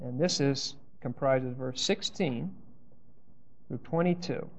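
A man's voice: mid-range voice, slow pace, slight background noise. A man teaching a Bible class, thinking aloud with restarts and often checking in with "Okay?". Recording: dull lo-fi recording.

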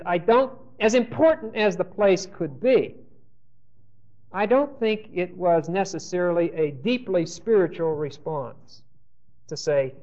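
A man teaching a Bible class, thinking aloud with restarts and often checking in with "Okay?". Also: a little high. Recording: dull lo-fi recording.

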